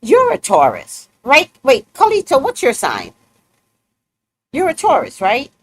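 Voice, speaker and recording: A woman's voice: high-pitched, unhurried, slightly rough. A woman hosting a casual livestream, telling stories bluntly and outspokenly, laughing often as she goes. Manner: animated storytelling with laughs. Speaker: host.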